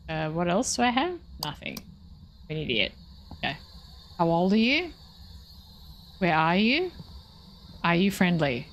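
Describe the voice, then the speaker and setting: A woman's voice: fairly low pitch, very animated, unhurried, vocal fry, long pauses, fairly bright tone, slight background noise. A woman streaming a ghost-hunting game, thinking aloud and questioning the ghost. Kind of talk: live gameplay commentary.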